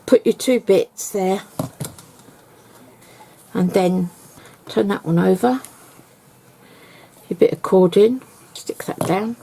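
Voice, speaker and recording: A woman's voice: medium pitch, takes it slowly, vocal fry, long pauses, mellow, slight background noise. A woman giving a casual, rambling craft tutorial, explaining step by step at home.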